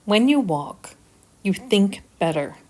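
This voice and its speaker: A woman's voice: medium pitch, sing-song, slow pace, background noise. An older woman narrating her outdoor vlog in an earnest, encouraging, motivational way. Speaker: vlogger.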